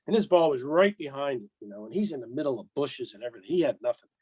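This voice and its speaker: An older American man, a golf rules official and podcast guest, telling lively anecdotes and acting out the dialogue with chuckles. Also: mid-range voice, fast talker, slightly rough, dry recording, low-quality recording. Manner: animated storyteller, acts out dialogue, chuckles.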